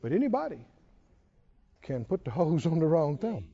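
A man's voice: on the high side, big pitch swings, moderate pace, husky, lo-fi sound. A man preaching a sermon, drawing call-and-response replies from his congregation. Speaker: pastor.

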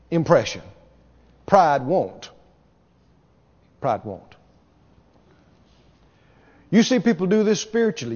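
This sermon comes from a man with a warm, fairly high voice who preaches emphatically, repeats key words and laughs as he imitates people. The sound is dull and reverberant, like a hall.

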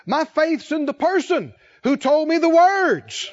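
A man with a strikingly high voice delivers an impassioned sermon from the pulpit. He drives home his points by repeating phrases and swelling toward shouts. The recording sounds a little dull and muffled. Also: sing-song, measured pace. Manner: emphatic preaching, repeating key phrases with rising intensity. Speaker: pastor.

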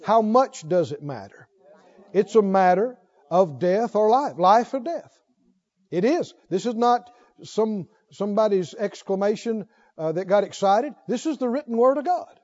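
High-voiced middle-aged preacher, dull recording. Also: male voice, lively intonation, measured pace, darkish tone. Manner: emphatic, asks the congregation rhetorical questions. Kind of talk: sermon.

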